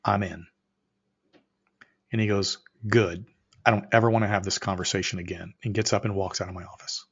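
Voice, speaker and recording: A middle-aged man, an entrepreneur guest on a podcast, telling a story with energy and acting out both sides of the dialogue, sometimes rising to near shouts. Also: fairly low pitch, steady tone, fast, husky. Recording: muffled, slightly lo-fi audio.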